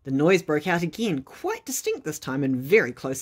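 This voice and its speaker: Expressive woman reading a bedtime story. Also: deep voice, brisk, few pauses, breathy edge.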